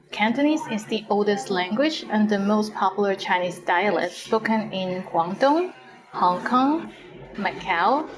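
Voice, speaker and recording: A woman teacher presenting a scripted language lesson in a clear, explanatory way. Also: medium pitch, low-quality recording.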